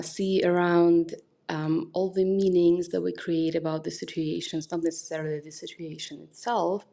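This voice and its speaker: A woman who is a mindset coach, talking in a hesitant, thinking-aloud way with many pauses, with Russian as her first language, on an audio chat room. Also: fairly low pitch, vocal fry, warm tone. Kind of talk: casual podcast talk.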